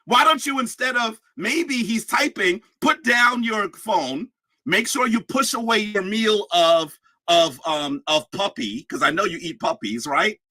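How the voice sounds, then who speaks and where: Shouting confrontational man, husky and bright. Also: high-pitched, lively intonation, measured pace, no echo. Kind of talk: heated livestream argument.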